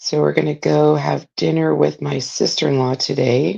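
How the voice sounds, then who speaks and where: A woman's voice: sits low, steady tone, normal speed, creaky, mellow, slightly rough, lo-fi sound. A middle-aged woman hosting a craft channel, chatting casually in a rambling way about family while she crafts.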